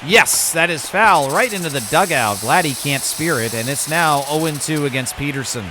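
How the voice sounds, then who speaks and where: A man's voice: on the high side, expressive, moderate pace, background noise. A man commentating his own video game baseball season, switching between broadcaster-style calls and muttered asides. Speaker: gaming YouTuber.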